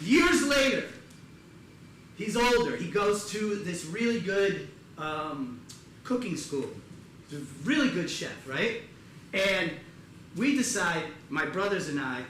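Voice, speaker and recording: A man tells comic stories from a theater stage. His slightly high voice swings up and down as he acts out other people in loud bursts. The sound is echoey, with clear room noise behind it. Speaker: comedian performing a one-person show. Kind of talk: live storytelling stand-up. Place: theater stage before a live audience. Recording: echoey theater with audience ambience.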